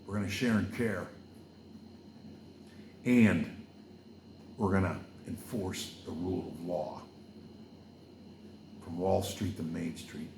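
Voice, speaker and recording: A low, gravelly man from Wales holds forth at a slow, unhurried pace. He wanders from point to point with fillers and side remarks, drifting into preaching as he goes. The room around him is echoey. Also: steady tone, darkish tone, slight background noise. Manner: loose and digressive, with many fillers and asides. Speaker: podcast host. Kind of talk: rambling casual monologue with preaching.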